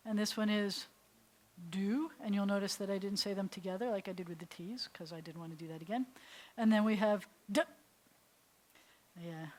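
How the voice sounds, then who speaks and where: A woman rabbi giving a casual beginner language lesson, playful and chatty, with jokey explanations, and talking aloud to her computer as she works. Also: medium pitch. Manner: talks aloud to her computer while working. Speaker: rabbi teaching Hebrew.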